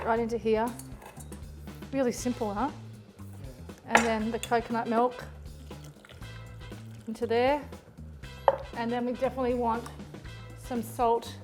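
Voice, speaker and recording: A woman hosting a casual cooking demonstration in her kitchen, chatty and gushing as she exclaims over the food. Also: fairly high pitch. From Australia. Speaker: cooking show host, chef. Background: music and sizzling food.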